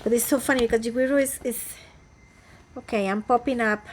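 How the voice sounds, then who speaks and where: Chatty Costa Rican woman, fairly high voice. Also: fairly even intonation, fairly quick, darkish tone, slight background noise. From Costa Rica. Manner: chatty, rambling, many restarts and fillers. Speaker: flosstuber, cross-stitch vlogger. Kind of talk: casual chat to camera. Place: home, indoors.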